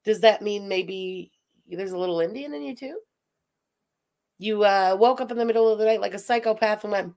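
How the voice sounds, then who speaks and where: Sarcastic woman mocking a streamer. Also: mid-range voice. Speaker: commentator reacting to a stream. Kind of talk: sarcastic reaction commentary.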